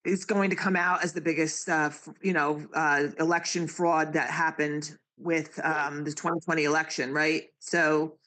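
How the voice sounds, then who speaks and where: Bright-toned rambling panelist. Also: medium pitch, flat delivery, moderate pace, few pauses. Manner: rambling, many fillers. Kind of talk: casual political chat.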